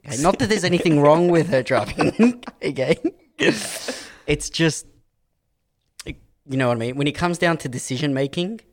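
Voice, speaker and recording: A man's voice: a little high, moderate pace. A man co-hosting a casual podcast, telling a story and acting out the voices in it. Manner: animated storyteller, acts out quotes loudly. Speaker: podcast co-host.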